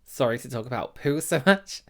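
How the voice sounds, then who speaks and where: A man hosting a reaction channel, chatting casually to his viewers. His pitch swings widely and he exclaims in disbelief. He moves between soft asides and loud outbursts. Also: moderate pace, gravelly. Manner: animated, exclaims and talks straight to viewers.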